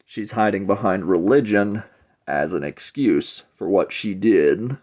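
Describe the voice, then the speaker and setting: A man with a low voice talks through a comic book review in a loose, rambling way, stringing thoughts together with "it's like." The recording is dull and lo-fi. He sounds like he is chatting rather than reading a script. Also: unhurried, a little mellow. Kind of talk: casual spoken review.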